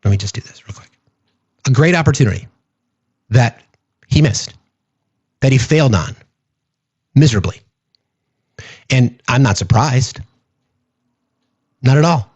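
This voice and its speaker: A man's voice: mid-range voice, expressive, measured pace, pauses often, darkish tone, breathy edge, no echo, muffled recording. A man hosting a political commentary show, speaking emphatically and repeating phrases for stress.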